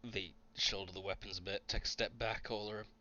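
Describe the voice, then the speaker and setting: A man with a low, bright, forceful voice runs a tabletop game as game master, narrating calmly. The sound is a little dull and lo-fi. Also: fairly quick.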